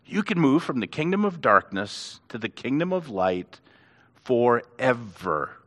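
A man's voice: mid-range voice, unhurried. A middle-aged man, a pastor and author, telling stories about his faith and acting out the voices of the people in them. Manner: animated storyteller who acts out quotes. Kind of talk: storytelling in a faith interview.

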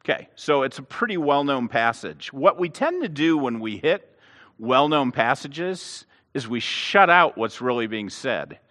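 Preacher, lively sermon storyteller, swooping intonation, bright tone. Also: male voice, mid-range voice, measured pace. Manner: animated storytelling with restarts. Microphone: clip-on lapel mic. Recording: long hall reverb.

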